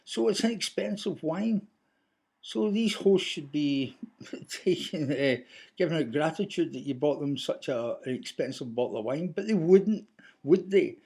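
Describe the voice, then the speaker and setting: Husky Scottish man telling stories. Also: a little high, lively intonation, a little slow, darkish tone. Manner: rambling, anecdotal, chatty. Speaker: vlogger. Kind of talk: casual monologue to camera.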